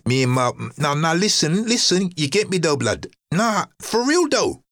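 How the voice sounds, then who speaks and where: Man doing a young street tough, cocky slang, voice pushed up high, lively. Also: moderate pace, no echo. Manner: slangy, challenging street talk. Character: swaggering young male London street tough.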